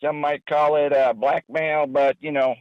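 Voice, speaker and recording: A man's voice: on the high side, level tone, highs cut off, background noise, natural voice. A man playing a crude, boastful aging caller with a New Jersey accent who calls himself a producer. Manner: boastful, crude, quick to take offense. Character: sleazy aging male caller, loud braggart producer.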